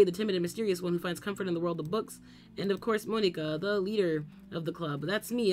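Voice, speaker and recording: A woman voicing a cheerful young female club leader from a game, reading her welcome quickly and softly. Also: fairly low pitch, a little hiss or hum, close to an everyday voice.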